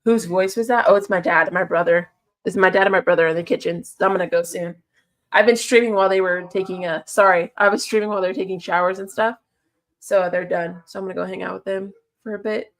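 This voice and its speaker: A chatty woman talking casually to her livestream chat. She reads out messages, answers them and laughs often, at an easy middle pitch. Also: fairly even intonation, fast.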